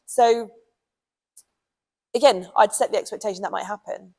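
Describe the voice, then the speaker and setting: Gravelly British woman talking dogs. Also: medium pitch, fairly even intonation, moderate pace, dark tone, rough recording. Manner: chatty, with frequent ums and you knows. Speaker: dog trainer. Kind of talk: casual advice talk.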